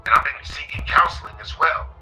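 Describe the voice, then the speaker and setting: A man losing his voice, speaking in a hoarse, half-whispered voice as he rambles on agitatedly about his grievances. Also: a little high, animated, fairly quick, sharp tone, faint music behind, low-quality recording. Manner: agitated, rambling, self-aggrandizing. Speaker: caller in played recording. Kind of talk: complaint call.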